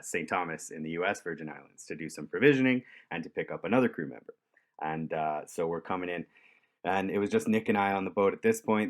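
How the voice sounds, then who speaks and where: Guy, real low voice, laid back, chuckles a lot, lots of uh and you know. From Canada. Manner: relaxed, chuckling, many fillers. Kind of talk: casual storytelling.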